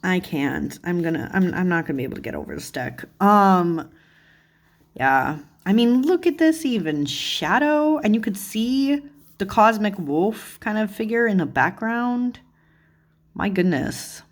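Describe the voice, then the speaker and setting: A woman's voice: medium pitch, animated, a little slow. A woman hosting a chatty flip-through of a card deck, gushing and easily delighted, with lots of "like" and "oh my goodness". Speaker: tarot channel host.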